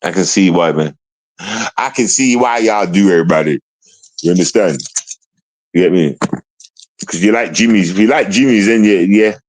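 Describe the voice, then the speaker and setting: A man's voice: low voice, moderate pace, long pauses, low-quality recording. Confrontational man ranting on a livestream. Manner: confrontational, repetitive, slangy, restarts often. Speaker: livestream host. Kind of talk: casual livestream rant.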